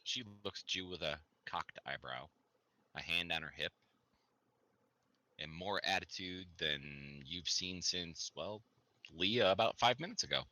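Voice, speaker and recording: A man's voice: low-pitched, measured pace, pushed and bright, no room sound. A man narrating as game master in a loose, chatty way with fillers.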